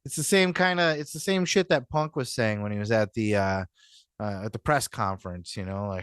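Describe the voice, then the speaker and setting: A man's voice: fairly low pitch, brisk, fairly bright tone, clean tone, no echo, studio quality. A man hosting a podcast, talking in a rambling, casual commentary style with lots of "you know what I mean" and some swearing. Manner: acts out quotes in mock voices. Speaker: podcast host.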